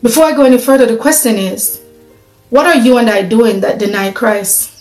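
A woman's voice: on the high side, moderate pace, darkish tone, reverberant, faint music behind, rough recording. A woman preaching a sermon in an earnest, conversational way, asking her listeners questions.

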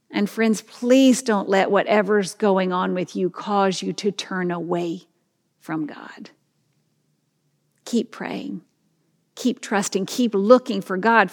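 A woman pastor preaching a sermon in an earnest, reflective way, letting her line ends fall soft and quiet. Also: medium pitch, vocal fry, big-room sound.

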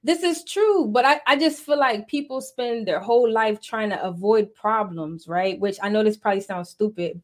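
A woman co-hosting a relaxed podcast with her husband. Her talk is slangy and loose, and she addresses the viewers directly in casual chat. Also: medium pitch, moderate pace, hardly any pauses. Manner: slangy, laughs easily, talks to viewers directly. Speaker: podcast co-host.

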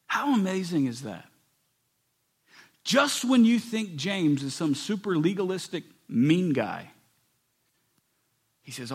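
A man preaching a sermon as pastor, swinging between loud emphatic passages and soft, hushed ones. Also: a little high, moderate pace, slightly rough.

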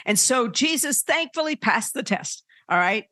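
A podcast host preaching informally and earnestly, with lots of fillers, restarts and animated emphasis. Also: medium pitch, moderate pace, dry recording, studio quality.

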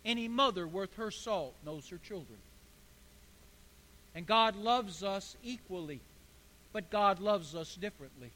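Preacher in an echoing hall. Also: male voice, sits high, sharp tone. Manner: preaching with rising emphatic bursts. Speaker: pastor. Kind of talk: sermon. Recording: echoey hall.

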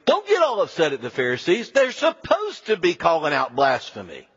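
A male pastor preaching a sermon in an animated, conversational way with frequent asides. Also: on the high side, normal speed, few pauses, husky, big-room sound, muffled recording.

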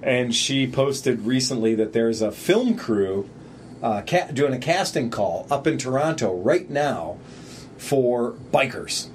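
A man's voice: medium pitch, expressive, slow pace, a little hiss or hum. A man co-hosting a podcast in casual chat, rambling, sarcastic and swearing freely. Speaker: podcast co-host.

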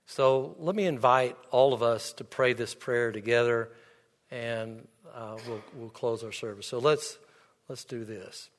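Here a male pastor's mid-range voice unfolds at a measured pace while he preaches. Earnest in manner, he tells a story full of quoted dialogue, and the church sanctuary lends a long hall reverb.

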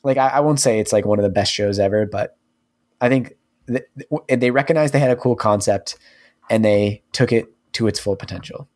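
A man's voice: lowish voice, a little fast, darkish tone. Rambling male podcast co-host. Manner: rambling, filler-heavy recommending. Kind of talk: casual podcast chat. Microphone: studio microphone.

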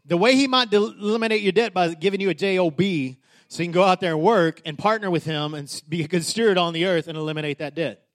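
This pastor is a fast talker with a high voice who preaches passionately, stumbling through restarts and repeating key words. His delivery ranges from soft, confiding asides to loud, soaring declarations.

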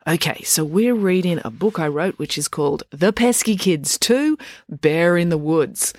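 A woman reads her own book aloud as a bedtime story. Her voice sits low, but the pitch moves a lot. The recording is close and dry. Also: no echo. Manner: expressive, lively reading. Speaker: author and narrator.

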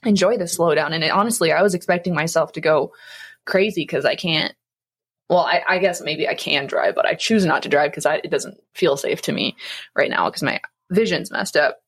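A woman's voice: deep voice, moderate pace, fairly bright tone, breathy edge. A young woman co-hosting a casual faith podcast, rambling with many fillers and frequent laughs. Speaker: podcast co-host.

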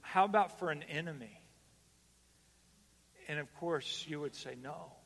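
A pastor preaching a sermon to his congregation, swinging between loud emphatic calls and hushed, slow lines. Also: a little high, gravelly. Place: church hall. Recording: long reverb of a church hall.

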